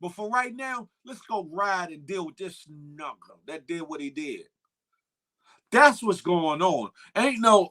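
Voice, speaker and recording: Male morning-show host, animated and emphatic, voice sits a bit high. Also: unhurried. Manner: animated, emphatic, shouts out viewers by name. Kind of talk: casual livestream commentary.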